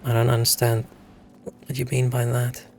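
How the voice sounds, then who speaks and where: With a completely flat delivery and a creaky mid-range voice, a young South African man talks at a normal speed over a little hiss or hum. He's streaming a game, chatting casually and swearing as he rambles through his stories.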